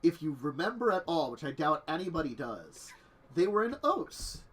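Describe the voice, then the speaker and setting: A man's voice: a little high, very animated, normal speed, slightly rough. A man running a tabletop game stream as game master, chatting casually and laughing at his own technical troubles. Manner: chatty, self-deprecating, laughs often.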